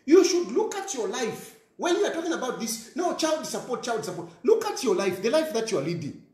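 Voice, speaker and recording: A man's voice: extremely high pitch, sing-song, fairly quick, darkish tone, roomy sound. A man with a Zambian accent ranting scornfully in a monologue, repeating himself and scoffing. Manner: ranting, scornful, repeats phrases, mixes in local words. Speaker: commentator. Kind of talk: impassioned monologue.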